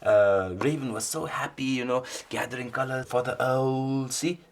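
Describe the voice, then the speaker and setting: A man reading a picture book aloud to children, animated and stopping often to ask them questions. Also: mid-range voice, moderate pace. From Bhutan. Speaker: storyteller.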